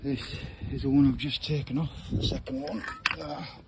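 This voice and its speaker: A man's voice: medium pitch, fairly even intonation, moderate pace. A man chatting casually to camera as a vlogger, out of breath and muttering at his camera. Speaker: motorcycle vlogger. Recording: loud noise behind the voice.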